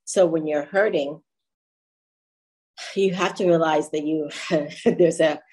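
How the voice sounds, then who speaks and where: A woman's voice: sits low, fairly even intonation, takes it slowly, darkish tone, breathy edge, low-quality recording. A woman hosting a talk show, speaking reflectively and sometimes searching for words. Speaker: host. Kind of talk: casual podcast talk.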